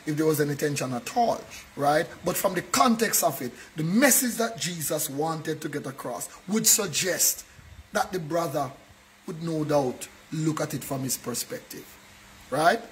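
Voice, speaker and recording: A man preaches a sermon in church. His voice sits high, and he talks earnestly, often checking in with the congregation to make sure they follow. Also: a little hiss or hum, poor audio. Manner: earnest preaching, keeps checking in with a tag question. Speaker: pastor.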